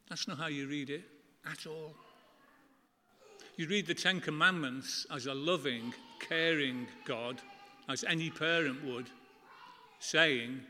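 Man, middle-aged, preacher, earnest conversational sermon, slightly high, bright and forceful tone, long church echo. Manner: conversational, earnest, with emphatic pauses.

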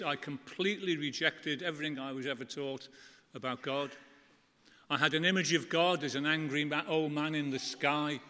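A middle-aged man delivers an earnest, conversational sermon, relying on emphatic pauses. His slightly high voice sounds bright and forceful, and a long church reverb lingers after each phrase.

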